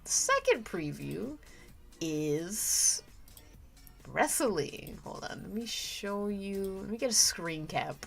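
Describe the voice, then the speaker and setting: A woman chatting through a live drawing stream at a slow, easy pace, with pitch that swings up and down. She giggles often and trails off, restarting her thoughts. Soft music plays faintly behind her. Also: big pitch swings, vocal fry. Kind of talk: casual livestream chat while drawing. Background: faint background music.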